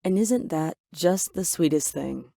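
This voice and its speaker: A woman's voice: deep voice, expressive, unhurried, gravelly, warm tone, dry recording, clean studio sound. A woman reading a scripted first-person story aloud in a dramatic, emotive way. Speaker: narrator.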